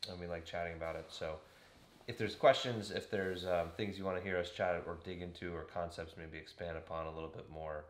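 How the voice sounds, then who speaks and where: A man's voice: deep voice, fairly even intonation, brisk, reverberant. A man co-hosting a podcast, chatting loosely about coaching with lots of fillers. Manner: loose and rambling, with frequent fillers. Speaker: podcast co-host. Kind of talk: casual chat.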